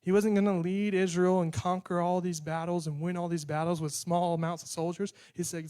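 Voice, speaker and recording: Young guy giving a sermon, slightly high voice, chatty preaching, acts out little dialogues. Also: little pitch movement, brisk, hardly any pauses, dark tone, clean tone.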